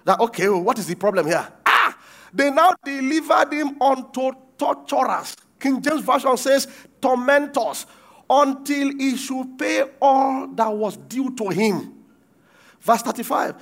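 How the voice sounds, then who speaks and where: Male preacher with a very high voice who quizzes the room and acts out the verses. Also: a little slow. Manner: quizzes the congregation, acts out quoted lines with shouts. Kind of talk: sermon with call-and-response.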